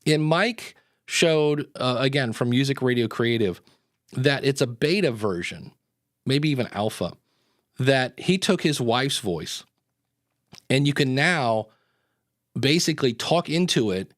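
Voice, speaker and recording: A man's voice: mid-range voice, animated, a little slow, long pauses, dry recording. Brief: easygoing male podcast host, chatty and meandering, dry close recording. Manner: rambling, tangent-prone, many fillers. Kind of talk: casual live-show chat.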